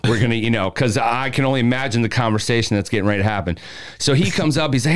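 A man casually telling a story, animated, acting out the voices of the people in it. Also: mid-range voice, fast talker. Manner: animated, acts out quotes, laughs while telling. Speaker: podcast guest telling a story.

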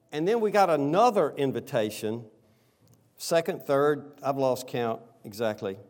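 A middle-aged man, a pastor, preaching a sermon with animated delivery, swinging from loud exclamations to soft, earnest appeals. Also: on the high side.

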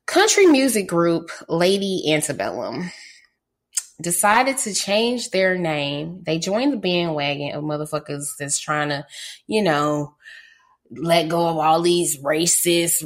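A woman hosting a podcast in casual chat, blunt, sarcastic and full of profanity. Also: fairly low pitch. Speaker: podcast host.

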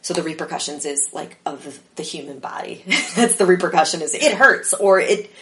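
Animated improv performer woman, lowish voice. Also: normal speed. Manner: animated, rambling, lots of fillers. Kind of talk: casual interview chat.

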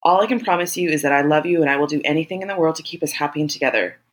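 A woman voicing a steady, caring man who speaks quietly and gently in a read-aloud story. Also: sits low, racing.

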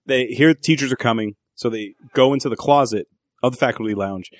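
A man's voice: mid-range voice, fairly quick, no echo, studio quality. Profane man recapping a movie. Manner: profane, animated retelling of scenes. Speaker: podcast co-host. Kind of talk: casual movie review chat.

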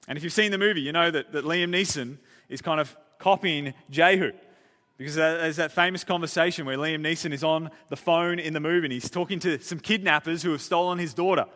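A pastor preaches a sermon, retelling a story with casual asides and repeated words. His voice is a little high with a sharp tone, and the recording carries a long church-hall reverb.

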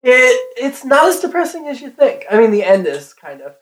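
A podcast co-host lays out movie plots step by step, steady and chatty. The voice sits in a roomy, echoing space. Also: high-pitched, normal speed. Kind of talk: casual movie chat. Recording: roomy echo.

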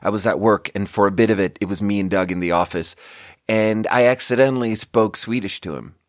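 A man's voice: lowish voice, fairly quick, no room sound, clean studio sound. A man hosting a podcast, rambling casually, swearing often and laughing at his own jokes. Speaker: podcast host. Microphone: close studio mic.

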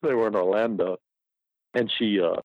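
Low gravelly man, loose and profane, spinning a yarn; dry muffled recording. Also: normal speed, no echo. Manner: rambling, profane, laughing often. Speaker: guest storyteller. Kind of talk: casual storytelling.

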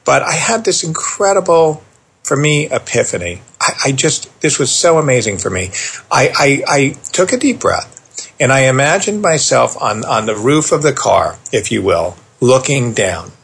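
Middle-aged male therapist guest, gravelly and husky, animated storyteller. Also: mid-range voice. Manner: animated storyteller, quick asides. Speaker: therapist and parenting author, guest. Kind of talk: conversational storytelling.

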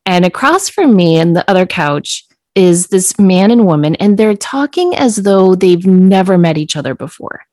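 A woman podcast co-host telling a story in casual chat, acting out quoted lines in a higher voice. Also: expressive, normal speed, darkish tone, no room sound.

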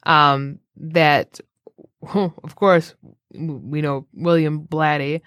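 A low-pitched woman co-host chats casually and drops wry remarks. Her voice sits well below most women's. The recording is close and dry. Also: steady tone, drawn-out words, a bit bright, dry recording. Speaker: podcast co-host. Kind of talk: casual chat.

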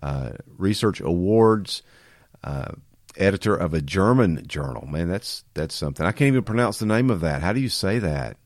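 A man's voice: deep voice, expressive, normal speed, no echo, clean studio sound. A man hosting a podcast interview, congested from a sinus illness, with a growly, nasal voice and a chatty, upbeat manner full of fillers. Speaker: podcast host.

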